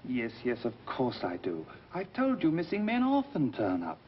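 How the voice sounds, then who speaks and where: Man, coaxing, kindly, very lively pitch, dull old film soundtrack. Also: normal speed, slight background noise. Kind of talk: 1930s film acting.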